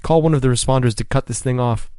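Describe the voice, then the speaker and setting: A steady young race car driver who talks firmly and reassuringly, voiced by a man reading the book. His voice sits only slightly higher than the narrator's. The sound is dry and close. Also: fast, clean tone, dry recording, close to an everyday voice. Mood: urgent. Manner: firm and reassuring.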